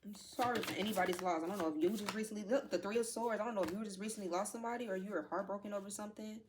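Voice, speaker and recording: A woman's voice: mid-range voice, rapid-fire, noisy background. A woman giving a casual tarot reading to her viewers, rambling with lots of fillers, calling them y'all, emotional and close to tears at times. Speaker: tarot reader.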